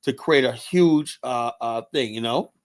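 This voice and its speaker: A man's voice: medium pitch, a little slow. A man hosting a show, ranting bluntly and angrily with profanity and constant "you know"s. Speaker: host. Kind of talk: casual ranting commentary.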